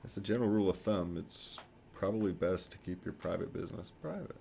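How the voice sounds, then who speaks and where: A man's voice: sits low, fast, creaky, warm tone, slight background noise. A man co-hosting a casual talk show, rambling and correcting himself, chuckling often. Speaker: podcast co-host. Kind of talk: casual chat.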